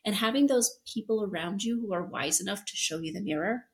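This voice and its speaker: A middle-aged woman guest on an interview podcast, speaking in an animated, storytelling way and often acting out quotes. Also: mid-range voice, a little fast.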